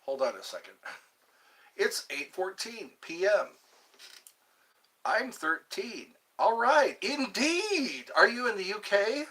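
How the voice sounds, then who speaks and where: A man in his fifties hosts a casual live stream, reading out viewer comments and replying with playful jokes. His voice sits a little high, swings widely in pitch, and comes at an unhurried pace. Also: sing-song, fairly bright tone, husky, poor audio. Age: 50s. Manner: reads viewer comments aloud and chats back to them; playful, jokey.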